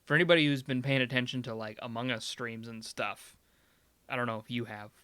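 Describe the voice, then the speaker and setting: Here a young man co-hosts a podcast, keeping the chat casual and lively with frequent laughter. The mid-range voice is fairly quick with a bright, forward edge, captured in a close, dry recording without room sound.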